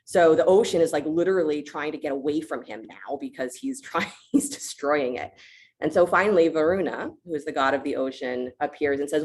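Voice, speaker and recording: A woman yoga teacher who tells a myth to her class in a relaxed, conversational way, often checking in with "right?". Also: deep voice, fairly quick.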